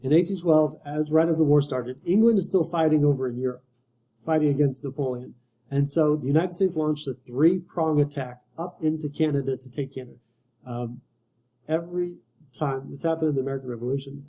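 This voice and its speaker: A man's voice: a little high, brisk, dark tone, rough recording. A man giving a casual history lecture to students, conversational and wry, often restarting his sentences. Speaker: history teacher.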